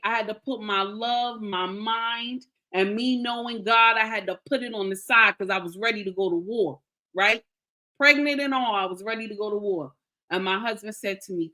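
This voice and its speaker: A woman telling an emotional personal story to her viewers, animated and emphatic, repeating her lines and calling out to her listeners. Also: mid-range voice.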